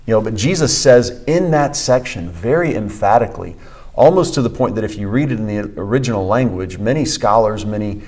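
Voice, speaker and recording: A man's voice: fairly low pitch, lively intonation, brisk, darkish tone. A man co-hosting a church podcast, teaching conversationally and emphatically, repeating key phrases with frequent fillers. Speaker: pastor and podcast co-host.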